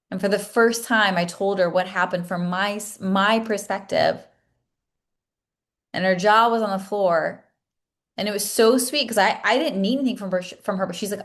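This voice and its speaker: A woman's voice: medium pitch, moderate pace. A woman in her thirties, a coach telling a personal story to her class, earnest and emotional, with many restarts. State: tearful at times. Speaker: coach leading a masterclass.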